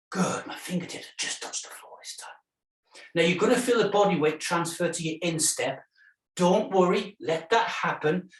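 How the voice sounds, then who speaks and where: Encouraging fitness instructor, echoey. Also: male voice, mid-range voice. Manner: encouraging, chatty, counts down reps. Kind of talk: live workout instruction. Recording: roomy sound from a distance.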